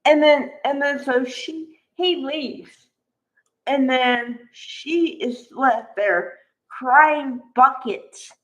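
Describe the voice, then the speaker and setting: Slow-talking woman, slightly high voice, gushes through a soap recap, says "like" a lot. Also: fairly bright tone, poor audio. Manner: gushing, chatty, peppered with "like". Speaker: soap opera recap vlogger. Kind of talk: casual chat.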